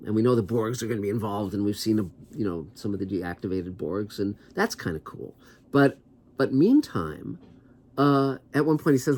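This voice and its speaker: A man's voice: mid-range voice, darkish tone. A man, a TV writer hosting his own show, giving casual, rambling commentary with a wry, skeptical edge. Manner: rambling, conversational, many asides.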